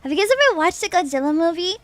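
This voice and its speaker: An extremely high, sing-song voice comes through fast and without echo. This young adult woman streams as a VTuber, reading chat aloud and joking around with viewers, laughing often and repeating herself.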